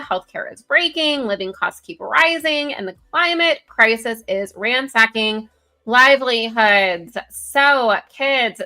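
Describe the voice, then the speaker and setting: A woman co-hosting a casual political commentary show over a video call, chatty and giggly, reading news aloud with quick asides. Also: fairly high pitch, sharp tone. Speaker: co-host. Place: home, virtual background.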